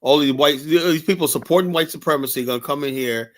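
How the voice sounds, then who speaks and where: A man hosting a heated casual debate show, talking in an animated, repetitive way and swearing often. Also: on the high side, fairly quick. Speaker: host.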